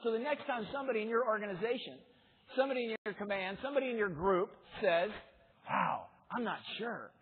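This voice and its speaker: A man's voice: high voice, fast, slight background noise. A man giving a motivational keynote speech, joking with the audience and leading them through exercises. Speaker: keynote speaker. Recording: tinny lo-fi speaker demo reel.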